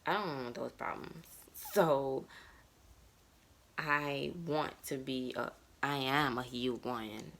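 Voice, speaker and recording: A woman in her thirties speaks in a personal vlog, reflective and emotionally open. Her voice sits very low, with plenty of vocal fry. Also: takes it slowly. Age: 30s. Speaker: vlogger. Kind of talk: candid personal monologue.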